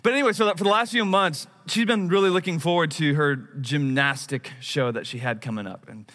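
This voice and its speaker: A man's voice: fairly high pitch, brisk, fairly bright tone. A man in his thirties preaching a sermon, telling a personal story in a conversational, self-deprecating way. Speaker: pastor.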